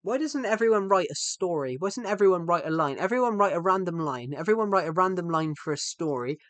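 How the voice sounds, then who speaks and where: A chatty young man with a British accent who rambles to his stream chat and corrects himself as he goes. His voice sits slightly high and sounds dry and close to the mic. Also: expressive, fast talker, fairly bright tone, dry recording. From United Kingdom. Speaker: game streamer. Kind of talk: casual live-stream chat.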